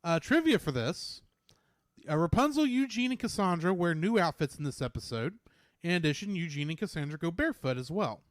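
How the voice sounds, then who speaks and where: A man's voice: fairly high pitch, lively intonation, no room sound, studio quality. A man co-hosting a podcast, reading out trivia and chatting casually in a playful way. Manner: reads out trivia, playful and quick-witted. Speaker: podcast co-host. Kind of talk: casual chat.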